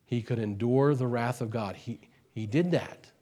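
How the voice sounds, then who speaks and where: A male pastor delivers a sermon at an unhurried pace in a medium-pitched voice. He repeats phrases for emphasis and swings from hushed lows to loud, drawn-out highs on key words.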